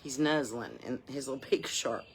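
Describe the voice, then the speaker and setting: A woman chatting casually in a rambling vlog, salty and profane, telling stories in a down-home way and sometimes dropping to a soft murmur. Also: rumbling low, expressive, moderate pace, a little hiss or hum. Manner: drops to a soft murmur at times. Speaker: touring musician and vlogger.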